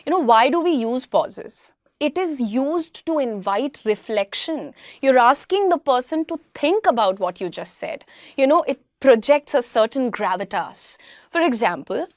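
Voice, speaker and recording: A high-pitched woman with an Indian English accent teaching a lesson on communication. She explains each point with many "you know"s and acts out better and worse ways of saying things. The sound is close and dry. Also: expressive, measured pace, dry recording. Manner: frequent "you know", acts out contrasting example phrasings. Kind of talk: explanatory lesson with spoken examples.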